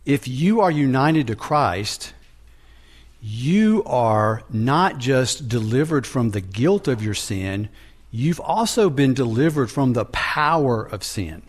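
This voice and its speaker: A man preaching a sermon, teaching from scripture in a deliberate manner with frequent restarts. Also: medium pitch, lively intonation.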